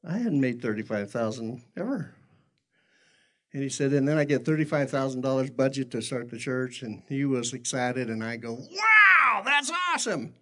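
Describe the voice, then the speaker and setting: A man's voice: medium pitch, normal speed, darkish tone. A middle-aged man, a pastor, telling stories in a folksy, self-deprecating way in a sermon. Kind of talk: sermon storytelling.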